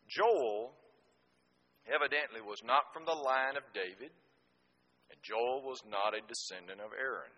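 A middle-aged man preaching a sermon, swinging from booming emphasis to slow, hushed scripture reading. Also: dull audio.

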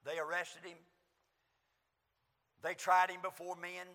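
A man preaching a sermon in an auditorium, impassioned, swinging from hushed lines to shouts. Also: high-pitched, little pitch movement, takes it slowly. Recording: long hall reverb.

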